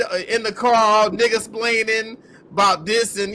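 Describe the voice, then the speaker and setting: A man's voice: sits high, steady tone, a little slow, bright, forceful tone. A man hosting a podcast, ranting in heated, profane, incredulous commentary. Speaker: podcast host.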